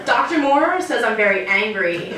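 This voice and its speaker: A young woman doing a stand-up comedy routine on a club stage, deadpan and self-mocking, with frequent "um" fillers. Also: on the high side, normal speed, crowd noise. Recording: echoey club recording from far off. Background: audience laughter.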